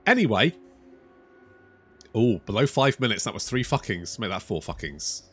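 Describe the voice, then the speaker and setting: Lively, rambling sweary male gamer. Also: fairly low pitch, moderate pace, husky, faint music behind. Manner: rambling, sweary, self-mocking. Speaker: gaming YouTuber. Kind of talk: casual let's-play commentary.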